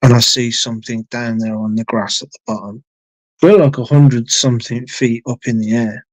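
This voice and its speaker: A man's voice: mid-range voice, fairly even intonation, normal speed, no echo, low-quality recording. A man telling a long personal story on a live stream in a casual, rambling way, swearing freely and repeating himself.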